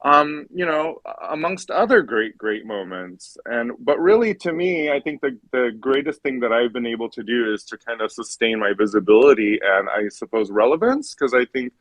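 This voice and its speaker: A man, a drag queen guest, talking reflectively in a halting way with many pauses on an online audio call. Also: mid-range voice, expressive, no room sound. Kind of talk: casual interview chat.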